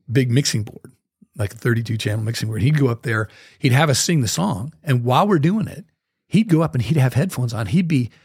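A man guesting on an interview, telling a story with lively energy and scatting out the rhythms he describes. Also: mid-range voice, breathy edge, no room sound, studio quality. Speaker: guest musician.

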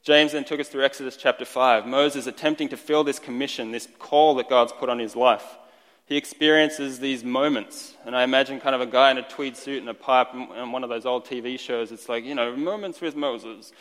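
A man preaching a sermon in a relaxed, conversational way, joking lightly and restarting his sentences now and then. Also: medium pitch, brisk. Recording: long reverb of a large hall.

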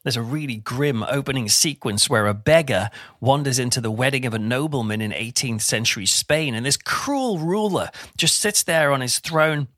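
A middle-aged man giving an informal Bible talk in a chatty, animated way with self-deprecating humour. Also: mid-range voice, moderate pace, hardly any pauses, dry recording, clean studio sound. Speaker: preacher.

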